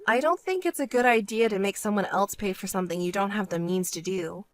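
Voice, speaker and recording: A woman voicing a level-headed young woman who speaks in a cool, dry and curt way in an animated story. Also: medium pitch, brisk, soft background music, natural voice. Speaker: narrating protagonist.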